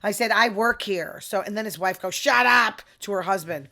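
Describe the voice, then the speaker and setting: A woman's voice: mid-range voice, fairly quick, bright, forceful tone. A middle-aged woman, hosting a casual opinion monologue with sarcastic asides. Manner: chatty, sarcastic asides, quoting others in voices. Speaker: podcast host.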